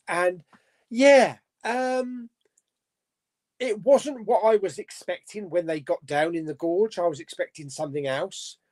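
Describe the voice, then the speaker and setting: A man's voice: high voice, a little mellow. A man hosting a casual live stream chat, reading out viewer comments and rambling chattily with frequent self-corrections and laughs.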